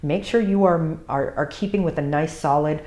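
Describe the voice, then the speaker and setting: A woman's voice: sits low, normal speed, a little mellow. A woman who works as a dog groomer and teaches the trade, giving an instructional talk in an emphatic way and repeating her key points.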